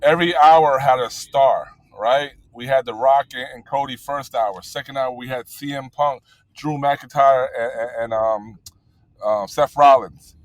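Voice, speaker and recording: A man's voice: mid-range voice, unhurried, dry recording, poor audio. A man in casual chat about wrestling, rambling with many fillers and blunt, profane talk. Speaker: podcast co-host.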